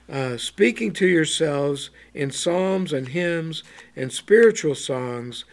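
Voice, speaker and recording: A man preaching a bible teaching, slow and halting, with many ums and repeated words. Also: fairly high pitch.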